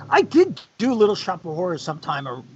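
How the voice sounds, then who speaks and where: A middle-aged man telling animated backstage anecdotes in casual chat, bursting into loud high quoted lines. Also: normal speed, a little hiss or hum. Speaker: guest on a charity live stream. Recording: dull lo-fi stream audio.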